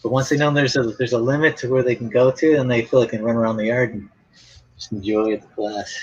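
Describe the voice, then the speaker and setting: A man's voice: medium pitch, steady tone, quick pace, slightly rough. A man in a casual chat who rambles through stories, laughs often and acts out the people in them. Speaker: former art teacher. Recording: dull lo-fi sound with faint background noise.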